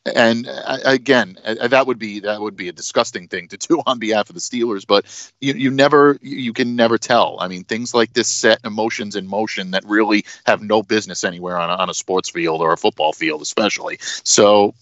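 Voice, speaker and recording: A man co-hosts a sports talk podcast, speaking in a measured way and thinking out loud as he goes. His voice sits on the low side, heard on a dry, dull recording with no room sound. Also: no room sound. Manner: measured, thinking aloud with fillers. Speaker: podcast co-host.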